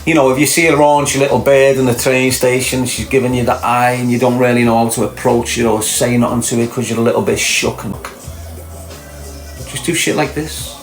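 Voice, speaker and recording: A man's voice: medium pitch, fairly even intonation, brisk. A man with a Liverpool accent chatting casually on a podcast, rambling and throwing in rhetorical questions. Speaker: podcast host. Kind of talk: casual chat. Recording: echoey room with faint music.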